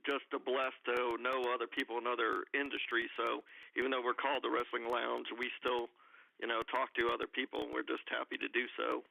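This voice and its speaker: Laid-back male co-host, very gravelly, bright and monotone. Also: medium pitch, brisk, dry recording, rough recording. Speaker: podcast co-host. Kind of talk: casual interview chat.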